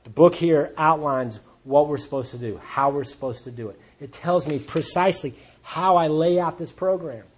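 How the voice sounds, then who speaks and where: At a recovery group meeting, a man tells his personal story bluntly and plainly, with wry humor. His voice is fairly high-pitched, at a normal speed with few pauses.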